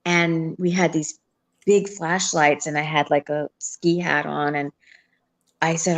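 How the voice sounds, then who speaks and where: A woman's voice: low voice, steady tone, normal speed. An older woman with grandchildren, frankly telling family stories in a casual livestream chat, laughing often.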